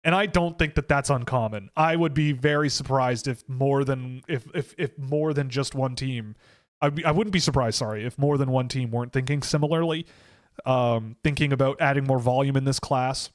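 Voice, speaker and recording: A man's voice: medium pitch, moderate pace. A man hosting a casual live stream about hockey, talking in a rambling way and often correcting himself with lots of fillers.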